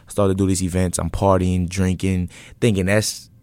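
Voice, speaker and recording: Speaking at a normal speed in a voice that sits low, a young event business owner casually tells his story as an interview guest. His storytelling is relaxed and rambling, full of fillers, on a dry recording.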